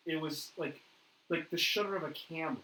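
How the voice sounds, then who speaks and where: A man hosting a paranormal interview, telling a ghost story in a lively way and acting out what others said. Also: on the high side, a little fast. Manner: animated storyteller, acts out quoted dialogue. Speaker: paranormal investigator host. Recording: echoey room with faint noise.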